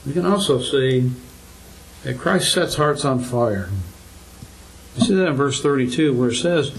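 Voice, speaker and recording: A man's voice: medium pitch, lively intonation, measured pace, rough recording. An older man preaching a sermon to his congregation, earnest and full of rhetorical questions, his voice climbing for emphasis.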